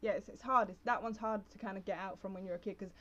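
A woman's voice: mid-range voice, fairly even intonation, fast, a bit bright. A young adult woman hosting a casual solo podcast, rambling with lots of fillers and restarts. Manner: rambling, full of fillers and self-interruptions. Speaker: podcast host. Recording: slightly dull lo-fi recording.

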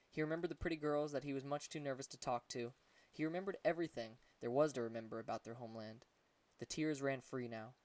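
Male audiobook narrator, gentle unhurried read, mid pitch, dry and distant. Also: no echo. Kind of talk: scripted narration.

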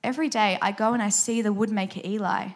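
A woman voicing a confident wooden puppet girl in a storybook tale, speaking calmly and plainly. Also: mid-range voice, fast talker, natural voice.

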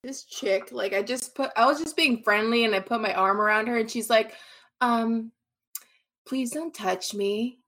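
A woman's voice: on the high side, moderate pace, fairly bright tone. A woman co-hosting a podcast, telling a story in a brash, profane way during a casual chat. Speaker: podcast co-host.

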